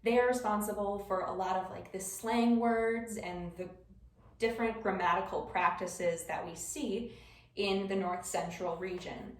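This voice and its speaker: A woman's voice: medium pitch, steady tone, unhurried, slight background noise. A young adult woman giving a class presentation, explaining step by step with scattered ums. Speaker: student presenter. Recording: roomy echo, voice far from the mic.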